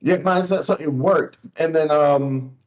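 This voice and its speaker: A man in a casual roundtable chat, reflecting at a measured pace on his time as a streamer. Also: on the high side. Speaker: streamer guest. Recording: dull lo-fi mic.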